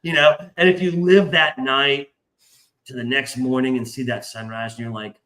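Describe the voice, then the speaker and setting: Male panelist, forceful bright voice, profane and rambling, roomy echo. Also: fairly high pitch, moderate pace. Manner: animated, acts out quoted voices. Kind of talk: casual chat. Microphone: remote stream call mic.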